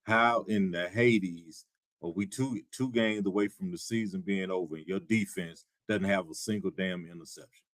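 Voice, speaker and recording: A man with a very deep, low voice co-hosts a live football talk show. He rants in a wry, exasperated way, lacing it with dry humor, and his voice sounds close and dry, with no room around it. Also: moderate pace, no room sound. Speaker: show co-host.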